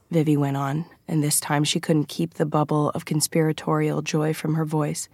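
Brief: woman narrator, low voice, dry close recording, measured storytelling. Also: little pitch movement, creaky, a little mellow, no echo. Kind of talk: scripted audiobook narration.

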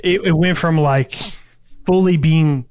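A man's voice: on the high side, a little slow, darkish tone, smooth. Man hosting and giving coaching advice. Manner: reflective, coaching tone. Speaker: podcast host. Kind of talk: conversational interview.

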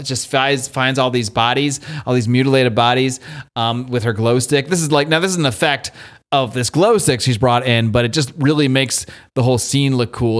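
A man's voice: mid-range voice, fairly bright tone. A man hosting a podcast, casually and animatedly retelling a comic's plot and swearing now and then. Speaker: podcast host. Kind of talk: casual chat recapping a comic.

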